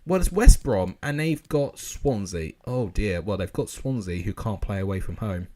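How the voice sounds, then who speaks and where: A young man commentating football games live for viewers, excitable and out of breath. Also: mid-range voice, moderate pace, hardly any pauses. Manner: shouts and laughs at goals, chats with viewers.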